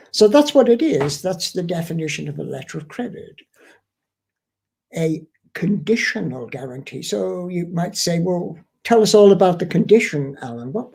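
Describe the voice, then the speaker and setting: A middle-aged man giving a trade lesson to camera, deliberate and repeating key points for emphasis. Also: sits high, vocal fry, slightly rough. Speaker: international trade trainer.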